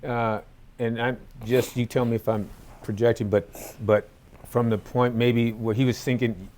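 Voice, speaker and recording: A male podcast host gently asking probing, halting questions of his guest. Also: mid-range voice, flat delivery, a little hiss or hum. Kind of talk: interview.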